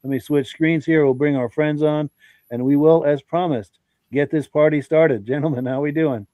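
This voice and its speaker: A man's voice: fairly high pitch, steady tone, normal speed, no room sound, phone-quality sound. A congested man hosting a live podcast, chatting in a friendly, folksy way and greeting viewers by name as he reads their comments. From Vermont. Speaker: podcast host.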